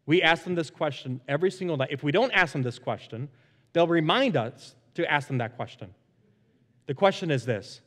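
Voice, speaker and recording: Male pastor, 30s, higher-pitched voice, animated sermon delivery, miked in a hall with long reverb. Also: moderate pace. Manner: animated, acts out animal sounds in stories. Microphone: microphone.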